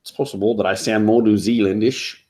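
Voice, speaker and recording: A man's voice: on the low side, fairly even intonation, fairly quick, darkish tone. A man hosting a casual comics livestream from home, rambling with lots of fillers. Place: home, in front of a comic display.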